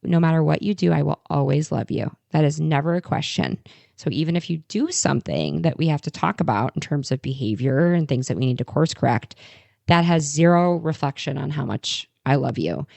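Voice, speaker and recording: Low, gravelly woman co-hosting a chat. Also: expressive, a little fast, a little mellow, no echo. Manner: candid, storytelling, affirming. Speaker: podcast co-host. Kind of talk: casual chat.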